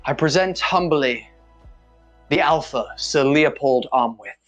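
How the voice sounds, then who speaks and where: A man's voice: fairly high pitch, takes it slowly, faint music behind. A man playing a hesitant, courteous fencer. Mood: formal. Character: polite male fencer, humbled after a duel.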